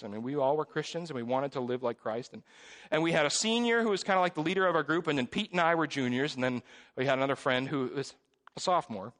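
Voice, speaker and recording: A man in his forties, a pastor, preaching a sermon in a church in a conversational, animated storytelling way with self-deprecating jokes. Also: mid-range voice. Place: church sanctuary. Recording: long reverb of a church hall.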